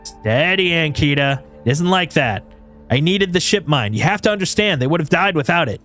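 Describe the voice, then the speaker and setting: A man's voice: mid-range voice, normal speed, faint music behind, lightly acted. A man voicing a shaky, desperate man who pleads and justifies himself in a video game. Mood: pleading.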